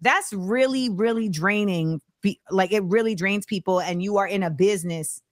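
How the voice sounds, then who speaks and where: A woman hosting a talk show in casual chat, animated, laughing and slipping into slang. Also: mid-range voice, moderate pace, no echo, clean studio sound. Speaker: host.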